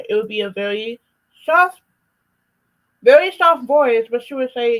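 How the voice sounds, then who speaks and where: A young woman with a fairly high voice talks casually during a parenting discussion. She is soft-spoken and often fills her sentences with "um" and "like.". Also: normal speed, low-quality recording. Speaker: guest, daughter of the speaker. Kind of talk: casual conversation.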